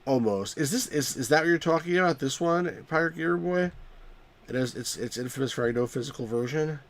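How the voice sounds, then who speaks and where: A man's voice: on the high side, brisk. A man hosting a live game stream, rambling casually and poking fun at himself while chatting with viewers. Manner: rambling, self-mocking, chuckles often.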